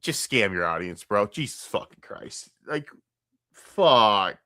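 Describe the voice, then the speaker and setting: A man on a live stream ranting about online drama in a crude, mocking, heated way, jumping between loud outbursts and low mutters. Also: sing-song, slow pace, dry recording, clean studio sound. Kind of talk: profane live-stream rant.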